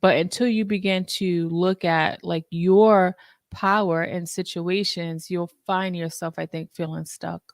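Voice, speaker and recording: A woman's voice: fairly low pitch, steady tone, unhurried, dry recording, studio quality. Thoughtful woman therapist hosting a podcast. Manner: thoughtful, reflective, with fillers. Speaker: therapist host. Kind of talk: podcast conversation.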